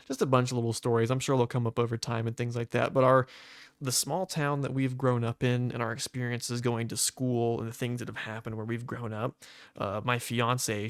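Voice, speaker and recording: Clear and resonant, the medium-pitched voice of this young podcast co-host comes through echo-free in studio quality. He tells stories in a loose, meandering casual chat, heavy on fillers.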